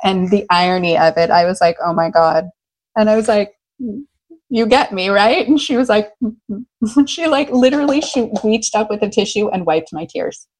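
A woman's voice: mid-range voice, moderate pace, low-quality recording. An American woman, a love coach, talking enthusiastically in a casual interview. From United States. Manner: enthusiastic, animated storyteller.

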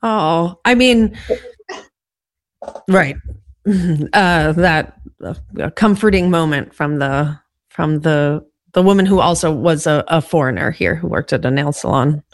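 A woman's voice: low voice, a little slow, no room sound, studio quality. A woman hosting an interview, asking curious follow-up questions. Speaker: podcast host. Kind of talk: casual interview conversation.

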